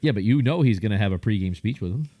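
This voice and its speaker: Fast-talking low-voiced podcast co-host. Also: male voice, lively intonation, mellow. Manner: quick, joking questions and teasing. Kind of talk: casual sports chat.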